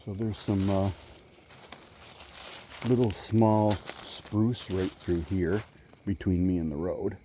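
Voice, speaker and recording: A man vlogging on a walk through the woods, musing in halting speech and now and then calling out loudly. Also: sits low, steady tone, background noise. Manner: musing, halting, with sudden loud call-outs. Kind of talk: rambling walk-and-talk vlog. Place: outdoors in woods.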